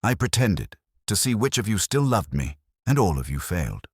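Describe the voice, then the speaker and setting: Casting: a stern, wealthy old storybook mother who scolds in firm, measured tones, husky and raised in pitch, as a male narrator puts her on. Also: big pitch swings, darkish tone, no echo, studio quality. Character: wealthy older woman, wounded and stern.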